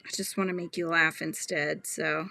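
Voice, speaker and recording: A young adult woman hosting a casual painting livestream, chatty and laughing often, murmuring quietly to herself as she paints. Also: low-pitched, steady tone, moderate pace, creaky, no room sound, faint music behind. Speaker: art livestream host.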